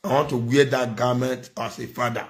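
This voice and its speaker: Nigerian man, middle-aged, preachy scolding commentator, mid-pitched voice. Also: level tone, normal speed. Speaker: social media commentator. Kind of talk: impassioned monologue.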